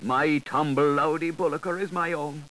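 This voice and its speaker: A man voicing a timid, fawning little male creature with a high, whimpering, cheeping voice. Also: fairly even intonation, normal speed, a bit bright, natural voice, rough recording. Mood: pleading. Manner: obsequious and pleading.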